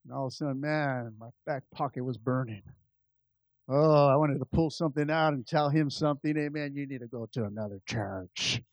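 A pastor telling a personal story in a sermon, moving between quiet, confiding asides and loud, lively peaks. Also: male voice, mid-range voice, a little fast, no room sound. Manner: animated, swings from soft asides to loud climaxes.

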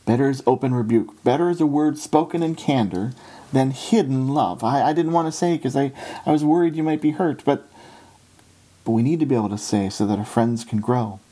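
A man delivers an earnest sermon at a steady pace, his voice dark and mellow. He leans on quotations and turns each one back to his listeners. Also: mid-range voice, a little fast. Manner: earnest, steady delivery, often quoting scripture and authors. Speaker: preacher.

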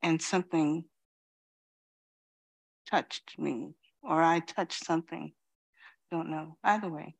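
A woman gives a dharma talk, reflective and unhurried. She is in her fifties, speaks slowly and pauses often, with many "you know"s between her thoughts. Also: deep voice, gravelly. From Queens, New York. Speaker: Zen teacher.

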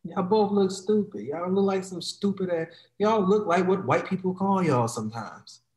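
A man's voice: high-pitched, moderate pace, a little mellow, echoey room. A man in heated, profane podcast talk, mocking others in quoted voices.

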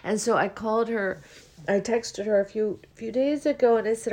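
A woman hosting a spiritual podcast, talking alone in a relaxed, meandering way and yawning often as she goes. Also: fairly high pitch, normal speed. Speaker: podcast host.

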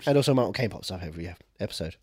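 A man's voice: low-pitched, lively intonation, racing, darkish tone, husky, no room sound, studio quality. A man hosting a podcast, chatting casually with sweary jokes. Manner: joking, sweary banter. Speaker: podcast host. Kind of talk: casual chat.

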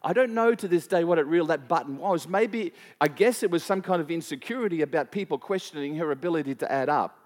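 Talking fast with few pauses, a pastor with a slightly high voice and lively intonation preaches in a church hall. His sermon is a conversational story broken by many restarts and questions to the congregation, all under the hall's long reverb.

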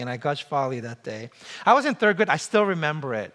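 A man's voice: fairly high pitch, big pitch swings, a little fast, fairly bright tone. A man in his forties giving a sermon in a conversational, humorous way, asking the listeners questions. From came to the US as a child. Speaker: pastor.

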